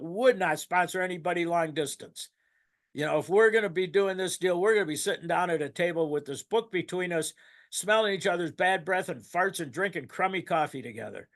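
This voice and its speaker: A man's voice: high-pitched, normal speed, fairly bright tone. An older man giving a rambling, emotional personal testimony at a recovery meeting, laughing and choking up as he goes. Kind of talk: personal testimony, casual storytelling.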